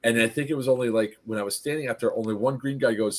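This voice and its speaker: A man's voice: medium pitch, quick pace, hardly any pauses, a little mellow. Guy retelling his game event to buddies, laughs a lot, does the players' voices. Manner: laughing storyteller, acts out players' lines. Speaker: event organizer recapping a game. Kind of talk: casual group chat recap.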